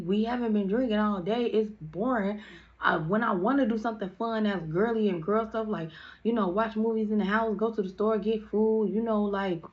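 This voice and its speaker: A woman's voice: medium pitch, a little mellow, dull audio. A young woman chatting through a storytime in a casual, slangy way, with lots of "like" fillers.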